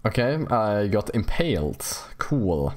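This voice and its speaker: A young man giving casual, jokey let's play commentary on a horror game, rambling and squealing up high when excited. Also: measured pace. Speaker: gaming YouTuber. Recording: faint game music behind.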